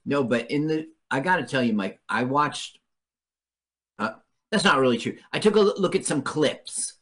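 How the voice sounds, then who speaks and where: A man's voice: medium pitch, normal speed, slightly rough. A man co-hosting a podcast, chatting casually and jokingly about a bad movie, breaking into playful voices. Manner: animated, jokey, playful put-on voices. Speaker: podcast co-host. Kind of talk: casual movie-riff chat.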